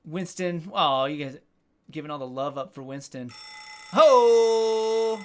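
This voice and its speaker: Guy hosting a live stream, kinda high voice, jokey and self-deprecating, reads chat out loud. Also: moderate pace. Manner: joking, self-deprecating, swears casually. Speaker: livestream host. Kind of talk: casual live-stream chat reading comments.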